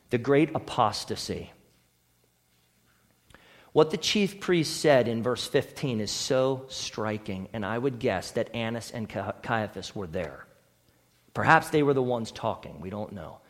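A man's voice: fairly high pitch, big-room sound. A man preaching a sermon as pastor, earnest and building to emphatic declarations. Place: church sanctuary.

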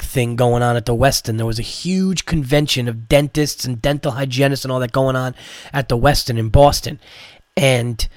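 A man's voice: medium pitch, darkish tone, no echo, clean studio sound. A man from New York, a comedian and podcast host, telling a rambling, profane story with many restarts, tired from medicine. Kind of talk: casual storytelling.

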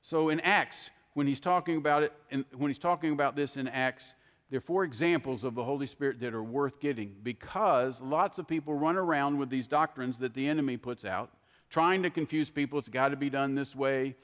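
An older man preaching a sermon, telling folksy stories in an animated, heartfelt way. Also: mid-range voice, a little fast, in a large hall. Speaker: pastor.

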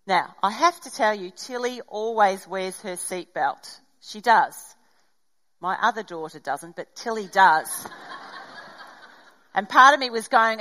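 A woman's voice: medium pitch, a little slow, poor audio. A middle-aged woman preaching to a congregation. She tells stories with animation and slips into the voices of the people in them. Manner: animated storytelling, acts out dialogue. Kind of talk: sermon with personal story.

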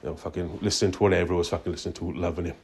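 A man's voice: deep voice, fairly even intonation, rapid-fire, gravelly, a little mellow, breathy edge. A man calling in to tell a long, rambling story, swearing in nearly every sentence. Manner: profane, swears constantly; loose, meandering storytelling. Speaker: caller.

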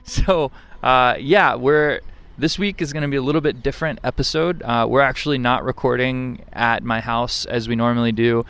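Easygoing man with a smooth clear voice. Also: mid-range voice, normal speed. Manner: laughs often, relaxed storytelling. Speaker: podcast co-host. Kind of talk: casual chat. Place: outdoors under trees.

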